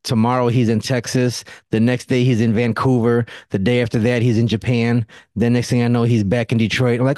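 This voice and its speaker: A man hosting a podcast, telling stories with animated energy and acting out the people in them. His voice sits at an ordinary middle pitch and his manner stays loose and drawling. The sound is dry and close, with no room around it. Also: fairly quick, no echo. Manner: animated storyteller acting out quotes in a higher voice; relaxed, drawling, says don't and nothing. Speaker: podcast host. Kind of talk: casual chat.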